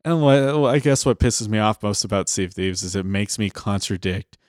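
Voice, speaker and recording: A man with a fairly low voice on a podcast, easygoing and quick to agree with short replies. He talks in a relaxed, casual way, and the close recording sounds dry. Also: no room sound. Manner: relaxed, brief agreeing replies, laughs along. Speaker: podcast co-host. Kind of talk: casual chat.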